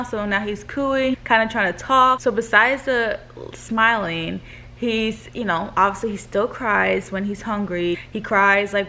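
Chatty young mom vlogger. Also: female voice, mid-range voice, fairly bright tone, a little hiss or hum. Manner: chatty, lots of "like" fillers. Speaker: vlogger, new mother. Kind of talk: casual chat to camera.

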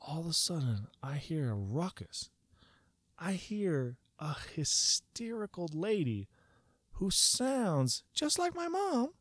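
A man tells a personal story casually, rambling and swearing freely. His voice swings widely in pitch as he gets worked up. The sound is dry and close, with no room echo. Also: slow. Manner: animated, profane, rambling with many "like"s.

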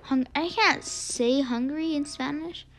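A woman giving chatty gameplay commentary, excitable, gasping often and dropping into whispered asides. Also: high voice, slow, a little hiss or hum. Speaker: gaming video creator.

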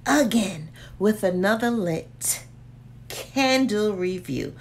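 Woman, slow and lively, playful chat with frequent whispers, faint hum behind. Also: mid-range voice. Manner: chatty and playful, often dropping to a whisper. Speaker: candle reviewer vlogger. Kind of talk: casual chat.

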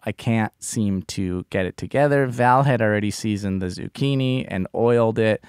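A man co-hosting a podcast, telling a painful personal story in a halting way, often restarting and dropping his voice low. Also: clean tone, no echo, studio quality. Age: adult parent of a small child. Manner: halting, restarts sentences, drops to soft tones. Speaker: podcast co-host.

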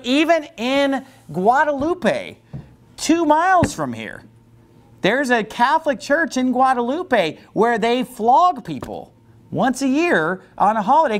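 A man preaching a sermon as pastor, animated, acting out quoted voices and often restarting. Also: very high-pitched. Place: church.

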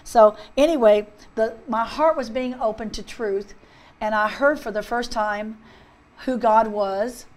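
Woman minister, fervent testimony, fairly high voice, earnest and repetitive. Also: unhurried. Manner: fervent, earnest, repeats herself. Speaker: guest minister. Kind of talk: personal testimony, preaching.

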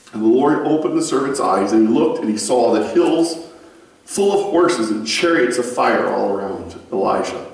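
Man, pastor, lively sermon storytelling, heavy room echo, mic far away. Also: medium pitch, normal speed. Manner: conversational, animated storytelling with asides to the congregation. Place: church sanctuary.

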